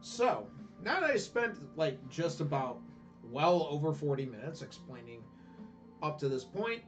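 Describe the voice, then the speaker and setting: A man's voice: a little high, sing-song, unhurried. Rambling, irreverent gamer man. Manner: rambling, irreverent, filler-heavy. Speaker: let's player. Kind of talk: casual game story recap. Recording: distant dull lo-fi recording with faint music.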